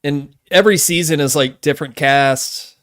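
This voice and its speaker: A man's voice: fairly high pitch, normal speed, a bit bright, no echo, studio quality. A man co-hosting a podcast in casual chat, laid-back, swearing freely and laughing often. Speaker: podcast co-host.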